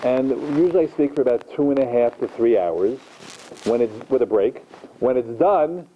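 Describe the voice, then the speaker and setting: Animated middle-aged man telling stories. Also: moderate pace, muffled recording, slight background noise. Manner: animated, acts out the people in his stories with big pitch jumps. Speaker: rabbi giving a lecture. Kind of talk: storytelling lecture to a live audience. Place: large room in front of an audience.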